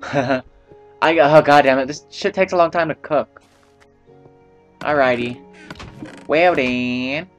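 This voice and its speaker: A man giving casual let's-play commentary, rambling to himself and swearing freely. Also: mid-range voice. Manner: rambling, profane, talks to himself. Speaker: gameplay commentator.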